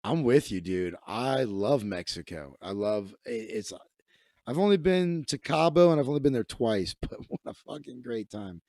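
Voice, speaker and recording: A man's voice: mid-range voice, expressive, moderate pace, a little mellow, dry recording, studio quality. A man around thirty, a comedian and magician hosting his own livestream, telling stories in a profane, rambling way. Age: 30s. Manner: profane, rambling, self-interrupting. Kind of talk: casual comedic rant.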